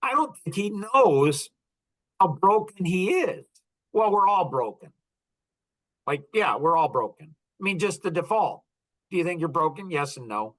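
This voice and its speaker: A man hosting a podcast, talking in a rambling, animated casual monologue and acting out conversations in different voices. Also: high voice, unhurried. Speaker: podcast host.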